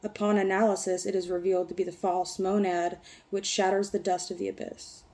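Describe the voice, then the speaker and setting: A woman vlogger who reads a text aloud haltingly and breaks off into rambling, profane talk. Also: mid-range voice, flat delivery, darkish tone. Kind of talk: reading aloud and casual ranting.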